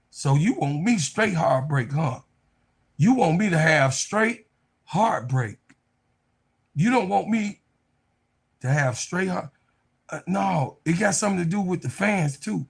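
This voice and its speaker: A man hosts a casual sports live stream, answering chat in a gravelly, fairly high voice. He gets excitable and profane and laughs a lot as he talks. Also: measured pace, pauses often.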